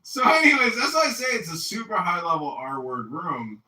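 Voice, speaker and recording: A man hosting a casual political talk stream, telling stories in an animated, profane way. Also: high-pitched, moderate pace, far from the mic. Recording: echoey room, off mic, faint noise.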